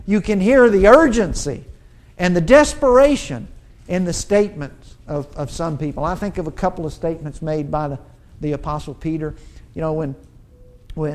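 Emphatic preacher man with a higher voice. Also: darkish tone. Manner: preaching with rising urgency and emphatic pauses; restarts and repeats words while building a point. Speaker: pastor. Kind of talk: sermon.

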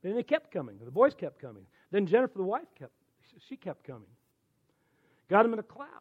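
A man in his sixties, a church elder, telling conversion stories in a folksy, animated sermon. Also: high-pitched, a little fast, slightly rough, narrow, tinny audio. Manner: animated, folksy storytelling with quoted dialogue. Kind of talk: storytelling sermon.

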